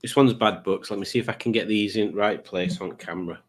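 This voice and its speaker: A man's voice: fairly low pitch, fairly quick. A man hosting a live stream, chatting casually as he reads out viewer comments, rambling along with wry asides and plenty of fillers.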